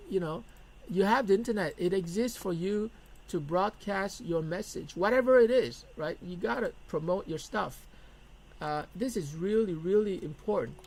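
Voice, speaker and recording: A man's voice: high-pitched, moderate pace, darkish tone, low-quality recording. A middle-aged man teaching a business lesson in a blunt, emphatic way, repeating his key points. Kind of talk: lecture to camera.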